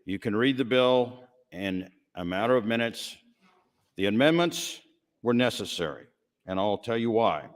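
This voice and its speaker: A man in a legislative chamber, calmly explaining his bill in a plain, measured floor speech. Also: fairly low pitch. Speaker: state senator introducing a bill.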